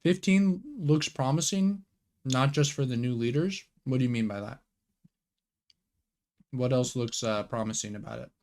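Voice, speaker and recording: A man's voice: mid-range voice, moderate pace, pauses often, a little mellow. A young man hosting a live card game watch party, chatting casually in slang and answering viewer questions aloud. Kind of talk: casual live-stream chat.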